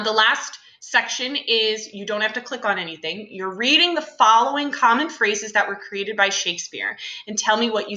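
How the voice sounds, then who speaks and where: A woman's voice: medium pitch, pushed and bright, roomy sound, highs cut off. A young adult woman teacher talking through a class lesson in a chatty, casual way with many fillers and asides.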